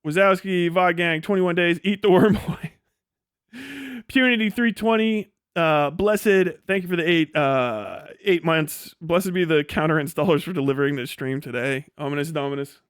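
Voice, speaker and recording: Young male streamer, high-pitched and dry, derisive, laughs a lot. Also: moderate pace, clean tone, no room sound. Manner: mocking, laughing often, profane. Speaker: livestream host. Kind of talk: casual livestream rant.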